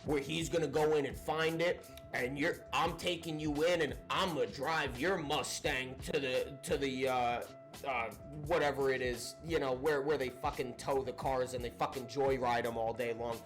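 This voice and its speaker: A young man casually telling a storytime tale, animated and profane, often breaking into laughter. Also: medium pitch, normal speed, soft background music. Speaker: storyteller vlogger.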